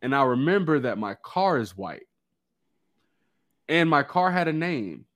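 A man telling a personal story in casual chat, animated and slangy. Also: on the high side, a little slow. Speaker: guest.

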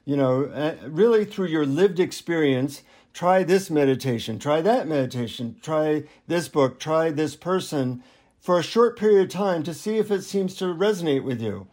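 A male author on an interview show, talking in a relaxed, anecdotal way. He pokes gentle fun at himself as he goes, and his voice sits somewhat high for a man. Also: moderate pace. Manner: relaxed, self-deprecating, anecdotal. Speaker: author and guest. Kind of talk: interview storytelling.

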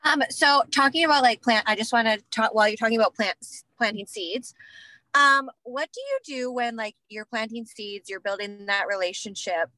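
A woman in a class asks a question, hesitant and full of fillers. Her voice is bright and sharp, recorded dry and close. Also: fairly high pitch, normal speed, dry recording, poor audio. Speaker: class participant asking a question. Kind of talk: casual question.

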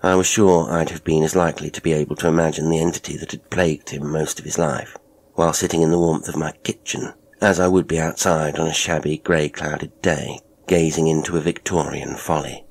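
A man narrating a horror story in a measured, low storytelling manner. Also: steady tone. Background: faint music.

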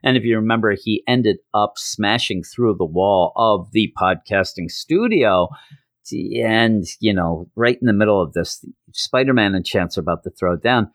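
Brief: a male podcast host with a low voice and a dry, close sound, recapping comics with animated storytelling. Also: moderate pace, dry recording. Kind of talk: casual comic book recap.

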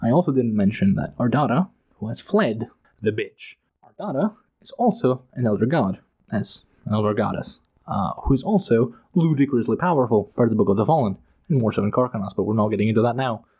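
A man's voice: mid-range voice, lively intonation, fairly quick, warm tone, breathy edge. A man giving an emphatic, profane, passionate casual analysis of a book. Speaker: book commentator.

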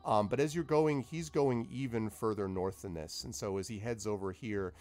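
A man's voice: on the low side, normal speed, darkish tone. A man narrating as game master of a tabletop game, rambling with many fillers.

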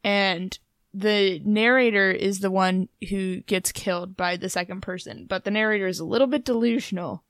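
Young woman, measured, explains step by step, dry close recording, casual chat. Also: medium pitch, steady tone, fairly bright tone, no room sound. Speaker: podcast co-host. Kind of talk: casual chat analyzing song lyrics.

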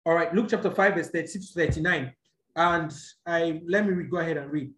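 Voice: medium pitch, fairly even intonation, a little fast, fairly bright tone. A preacher teaching a sermon, explaining scripture step by step, often checking in with the listeners and correcting small slips. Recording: echoey room.

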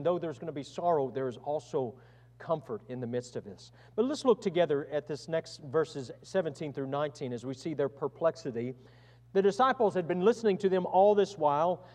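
A man preaching a sermon as pastor, earnest, swinging from loud emphasis to hushed tones. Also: fairly high pitch, in a large hall.

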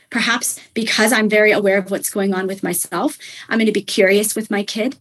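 A young adult woman with a husky, slightly breathy voice speaks as a parenting coach in an interview. She explains earnestly and conversationally, with plenty of fillers, at a medium pitch. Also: fairly even intonation, fairly quick, hardly any pauses, fairly bright tone, poor audio.

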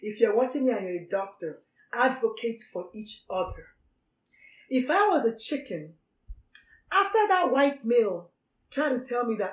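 A woman's voice: on the high side, very animated, normal speed, long pauses, echoey room, recorded from a distance, poor audio. A woman gives an emphatic, preachy talk to doctors and repeats her key phrases. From Nigeria. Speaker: physician speaker on doctor suicide. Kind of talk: motivational talk.

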